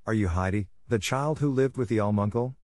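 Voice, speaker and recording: A man's voice: on the low side, fairly quick, darkish tone, dry recording, clean studio sound, lightly acted. A man voicing a curious village baker who keeps pressing with questions. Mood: nosy. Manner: nosy, questioning.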